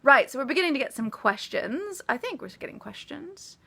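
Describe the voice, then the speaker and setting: An American woman with a crisp, bright voice sitting a little above the usual pitch for a woman. She chats casually with fans in a live Q&A about her writing. She laughs often and pokes fun at herself. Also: sing-song, fairly quick. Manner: giggly, self-deprecating, chatty. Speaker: author.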